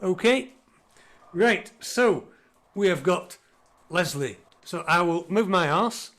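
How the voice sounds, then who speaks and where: A man's voice: high-pitched, expressive, takes it slowly, a bit bright. A man announcing the running order at a folk club, plain-spoken. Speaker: club organiser.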